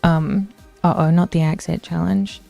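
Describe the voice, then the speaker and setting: A woman's voice: fairly low pitch, steady tone, a little slow, vocal fry, dark tone, soft background music. A woman streamer ranting casually about history, chatty and swearing, answering her chat as she goes.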